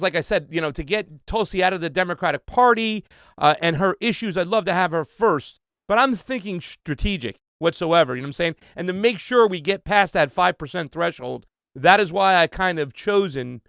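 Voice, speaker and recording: A man's voice: high-pitched, expressive, moderate pace, vocal fry, a bit bright, clear, resonant tone, no room sound, clean studio sound. A man hosting a casual livestream trivia game, talking loosely with plenty of fillers and restarts.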